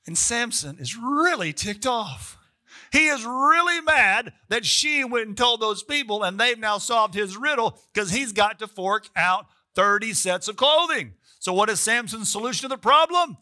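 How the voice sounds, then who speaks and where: A man preaches in a chatty, storytelling way, turning to the audience with quick asides. His voice is high and very bright, with a keen ring to it. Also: lively intonation. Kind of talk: sermon.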